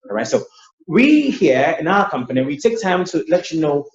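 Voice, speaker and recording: A man's voice: a little high, big pitch swings, normal speed. A man tutoring English pronunciation in an online lesson. He explains patiently and often repeats his words. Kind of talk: online lesson with screen sharing. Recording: roomy, dull lo-fi sound.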